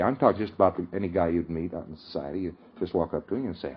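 A man's voice: low voice, lively intonation, brisk, muffled recording, slight background noise. A man giving an informal lecture, often chuckling and checking that his listeners follow him. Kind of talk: conversational lecture.

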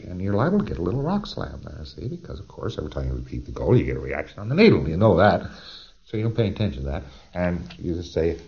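A low-voiced man delivers a recorded lecture in a chatty, emphatic manner, stressing key words and breaking off into rhetorical asides. The sound is dull and lo-fi, like an old tape recording. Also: big pitch swings, quick pace, gravelly, darkish tone.

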